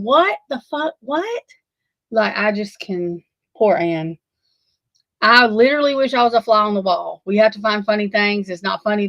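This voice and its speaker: A woman's voice: on the high side, creaky, fairly bright tone, dry recording, rough recording. A woman hosting a casual livestream, flustered and rambling, swearing freely as she talks to her viewers. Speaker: livestream host.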